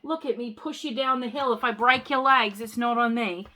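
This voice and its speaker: A woman's voice: fairly high pitch, moderate pace, sharp tone. A woman voicing a sinister, jolly male snowman from a children's storybook, speaking in a mock-cheerful, menacing way. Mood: creepy jolly.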